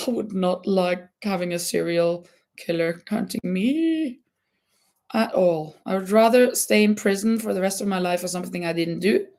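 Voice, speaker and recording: A woman's voice: mid-range voice, darkish tone. A woman hosting a casual crochet chat, talking loosely with many fillers and restarts, her voice cracking now and then. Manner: chatty, thinks aloud with many fillers and restarts. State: voice cracking, coughing. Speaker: livestream host.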